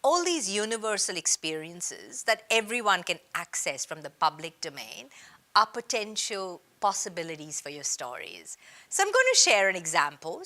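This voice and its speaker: A woman from India presents a business training session on storytelling. Her voice is bright and forceful, and her pitch moves up and down in a lively way. She stresses her points firmly, like a practiced workshop speaker. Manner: lively, emphatic teaching delivery. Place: based in Australia.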